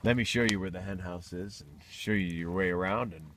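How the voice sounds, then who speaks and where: A man voicing a strutting, smooth-talking barnyard rooster, swaggering and coaxing. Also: deep voice, brisk, fairly bright tone.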